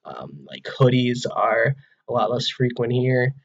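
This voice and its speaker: In a muffled recording, a twenty-something American vlogger from Wisconsin chats casually from his own room, full of "like"s and false starts. He speaks unhurriedly in a mid-range voice with vocal fry, yet he is very animated.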